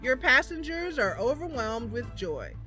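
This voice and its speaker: A woman hosting a gaming channel, reading a story game aloud with giggly, expressive commentary. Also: sits high, a little slow, faint music behind.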